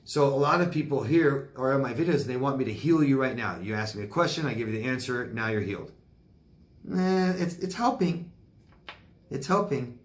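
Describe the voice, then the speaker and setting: A man's voice: medium pitch, quick pace, few pauses. A man working as a life coach, answering viewer questions on video in a blunt, emphatic way, repeating his advice, with sympathetic sighs and exclamations.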